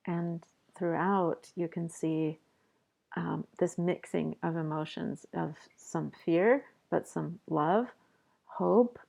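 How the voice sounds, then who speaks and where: A middle-aged woman professor giving a measured, explanatory poetry lecture and reading a poem aloud. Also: fairly low pitch, creaky, dark tone. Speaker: college professor.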